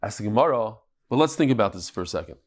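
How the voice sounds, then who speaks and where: A man, teaching a daily Talmud class in a lively, joking way, acting out the quotes he reads. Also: fairly low pitch, quick pace.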